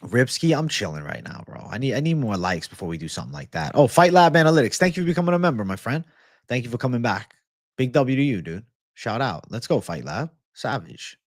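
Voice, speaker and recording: Relaxed man chatting with viewers. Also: mid-range voice, fairly quick, no echo, clean studio sound. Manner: relaxed, reading and answering chat. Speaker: livestream host. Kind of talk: casual chat with viewers.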